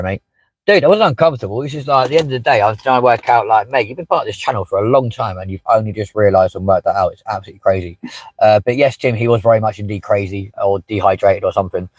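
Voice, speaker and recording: A man's voice: fairly low pitch, quick pace, darkish tone, no echo, rough recording. A man hosting a casual live stream from inside a parked car, chatting with many fillers and asides as he reads out viewer comments. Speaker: livestream host.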